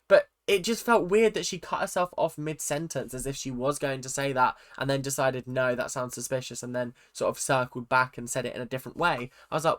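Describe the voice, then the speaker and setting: A woman's voice: deep voice, brisk. Chatty young woman recapping a show. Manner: chatty, animated, acts out quotes. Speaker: recap vlogger. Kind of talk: casual reality-show recap.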